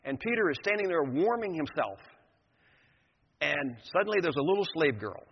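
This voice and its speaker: A man's voice: a little high, big pitch swings, moderate pace, vocal fry, slightly rough. An older man preaching a sermon, retelling a scripture story with vivid, emphatic storytelling. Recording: dull lo-fi sound in a reverberant hall.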